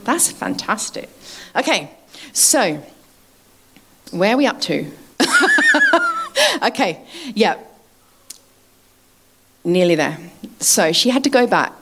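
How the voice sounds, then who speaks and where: A woman's voice: mid-range voice, huge pitch swings, slow pace, long pauses, pushed and bright, slight background noise. A woman preaching a sermon in a chatty way, laughing often and asking her listeners to agree.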